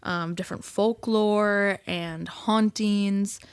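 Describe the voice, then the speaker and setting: A woman's voice: mid-range voice, steady tone, takes it slowly, clear, resonant tone, no echo. A woman, hosting a casual solo podcast in a chatty, giggly way with lots of fillers. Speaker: podcast host.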